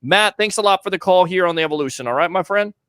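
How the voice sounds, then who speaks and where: A man's voice: high voice, fast talker, sharp tone, clean tone, no room sound. A man hosting a casual call-in sports talk show, chatting and reading out viewer comments.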